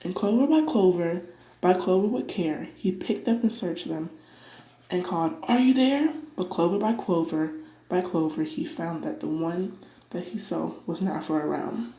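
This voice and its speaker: A woman reading a children's storybook aloud, giving the characters livelier, higher voices. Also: normal speed, roomy sound, low-quality recording. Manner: lively, voices dialogue with pitch jumps. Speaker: audiobook reader. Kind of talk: read-aloud storybook narration.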